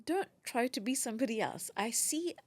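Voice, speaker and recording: A woman's voice: a little high, expressive, moderate pace, a little mellow, no room sound. A woman who is a podcaster and teacher, talking as a guest in a casual interview. She speaks emphatically, repeats phrases and often restarts her sentences.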